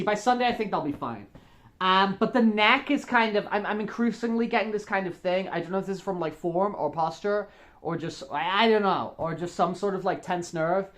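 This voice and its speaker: An enthusiastic furry vlogger talking straight to the viewers in a loose, rambling way. The speech is full of ums, likes and restarts, and the tone stays friendly and upbeat throughout. The pitch sits in an ordinary middle range. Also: fairly bright tone. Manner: rambling, filler-heavy, enthusiastic. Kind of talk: casual chat to camera.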